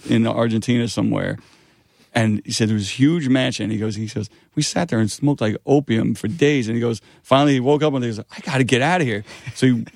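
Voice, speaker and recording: A man from New York, a band guest on a podcast, telling an animated story and acting out the voices in it. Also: mid-range voice, vocal fry, no echo. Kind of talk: casual storytelling.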